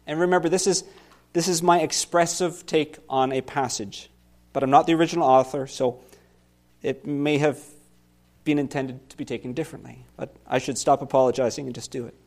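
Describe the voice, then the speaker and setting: A man's voice: fairly high pitch, fairly even intonation, brisk, darkish tone. A man preaching a sermon as pastor, earnest and a little self-deprecating.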